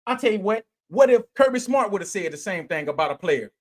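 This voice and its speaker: High-voiced man in a heated sports rant. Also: animated, quick pace. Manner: heated, rhetorical questions, slangy and blunt; repeats and restarts phrases while ranting. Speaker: podcast host.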